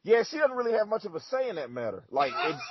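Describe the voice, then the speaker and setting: A man chatting on a comedy podcast, deadpan and halting, full of filler words, recorded on muffled audio. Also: high-pitched, heavy background noise. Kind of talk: casual comedic chat.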